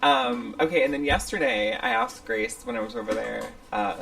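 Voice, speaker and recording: Sassy woman with a gravelly voice. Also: very deep voice, big pitch swings, normal speed, fairly bright tone. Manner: sassy, calls people "bitch" playfully. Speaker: podcast co-host. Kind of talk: casual chat. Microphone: studio microphone.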